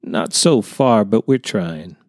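A man's voice: on the low side, lively intonation, slow, a little mellow, no room sound, clean studio sound. A man voicing an earnest, hesitant contractor. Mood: polite. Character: earnest younger male contractor, unsettled by a sighting.

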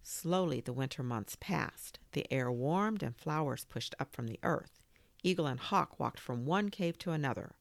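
A woman reading a children's story aloud as a podcast host, gentle and expressive. Her voice sits low with a gravelly grain, moving slowly and rising and falling widely. The sound is close and dry. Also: no echo.

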